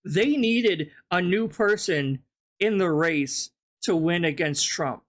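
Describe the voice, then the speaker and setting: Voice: medium pitch, slow pace, a bit bright. Exasperated, sarcastic reaction host. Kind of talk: casual reaction commentary.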